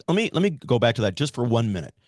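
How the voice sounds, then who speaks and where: A man's voice: medium pitch, sing-song, racing, a little mellow, no echo. An American man hosting an interview, making emphatic campaign-style declarations. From United States. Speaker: host and candidate for governor.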